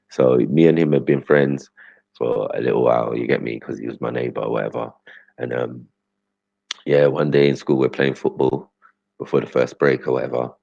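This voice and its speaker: A man's voice: a little mellow, no echo. A man telling stories from his past in casual chat, often checking in with his listener. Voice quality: very deep and gravelly. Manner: conversational, keeps asking "you get me?". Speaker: host. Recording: dull lo-fi sound.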